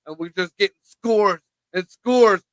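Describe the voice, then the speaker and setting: A man guesting on a casual podcast, crude and sweary, quick to laugh. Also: high-pitched, dry recording, rough recording.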